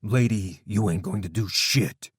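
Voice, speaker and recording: A man's voice: lowish voice, unhurried, slightly rough, dry recording, studio quality. A man voicing a big crude brute who turns to blubbering pleas, in an audiobook. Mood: hostile. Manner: loud and crude, pleading tearfully.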